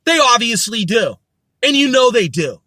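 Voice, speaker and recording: A man with a very high, sharp voice rants furiously on his podcast. He swears constantly and repeats his insults. The sound is dry and close, with no room. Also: very animated, moderate pace, no room sound. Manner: profane, ranting, repetitive insults. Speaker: podcast host. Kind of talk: angry monologue rant.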